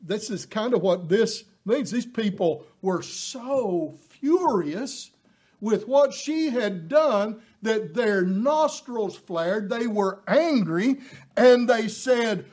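A middle-aged male preacher delivers a sermon in a high, unhurried voice. He builds to emphatic, impassioned peaks, then slips into folksy asides full of filler words. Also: animated, a little mellow.

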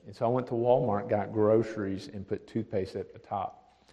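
A man, a pastor, telling a testimony story, dropping to a hush for the words of others. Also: fairly low pitch, fairly even intonation, moderate pace. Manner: drops to a hushed voice for quoted speech. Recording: long hall reverb.

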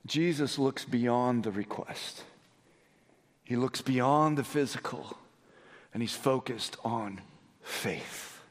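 A man preaching a sermon as pastor, moving between hushed, low storytelling and raised, excited emphasis. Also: slow pace, pauses often. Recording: long hall reverb.

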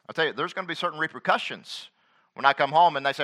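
Bright-voiced, animated male preacher. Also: on the high side, fast. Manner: animated preaching with rising emphatic questions and acted-out quotes. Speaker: pastor. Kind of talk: sermon. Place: church.

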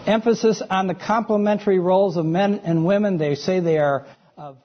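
A man's voice: high voice, steady tone, fairly quick, dull audio. A man giving a sermon-style teaching lecture to a congregation, conversational, often checking in with his listeners. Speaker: preacher.

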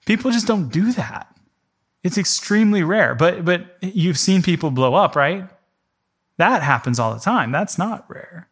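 Male preacher with a slightly high, forceful voice, storytelling casually to a congregation. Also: lively intonation, measured pace, breathy edge. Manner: vivid storytelling in the second person, addressing the room directly. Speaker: preacher teaching a church class. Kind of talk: conversational teaching before a congregation.

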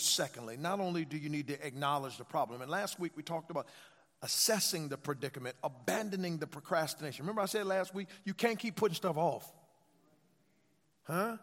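Man preaching, high and animated voice, call-and-response style, reverberant church hall. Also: fairly quick. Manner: call-and-response preaching, repetitive emphatic phrasing. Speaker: pastor. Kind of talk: sermon. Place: church sanctuary.

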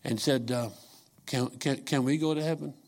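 An older man preaching a sermon, telling folksy stories and swinging from quiet asides to shouts. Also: mid-range voice, steady tone, moderate pace, vocal fry. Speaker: pastor.

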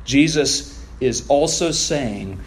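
Pastor, male, mid-pitched voice, emphatic evening sermon delivery. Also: animated, slow, a little hiss or hum. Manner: preaching with emphatic rising stresses.

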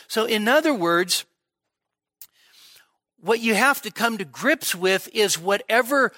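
Middle-aged pastor preaching, high bright voice, slow and emphatic, repeats himself. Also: male voice, animated, no echo, studio quality. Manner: emphatic, repeats words while building a point. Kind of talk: expository sermon. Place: church midweek service.

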